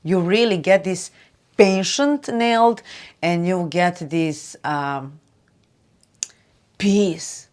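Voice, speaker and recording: Chatty woman with a lowish voice. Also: extremely slow, long pauses, a little mellow. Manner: loose and chatty, heavy with "you know" and "like". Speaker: spiritual channel host. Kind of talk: casual spiritual talk to camera.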